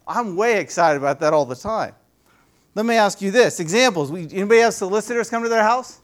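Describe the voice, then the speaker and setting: A man with a high voice gives a relaxed, chatty sermon as a youth pastor. He keeps turning to the congregation with questions, speaking from a church. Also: a little fast. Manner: conversational, asks the audience many questions.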